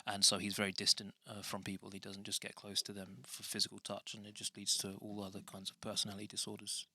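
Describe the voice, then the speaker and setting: A man's voice: fairly low pitch, bright, forceful tone, no room sound, studio quality. A man hosting a podcast, chatting in a scattered, self-mocking way full of tangents. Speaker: podcast host. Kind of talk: rambling casual chat.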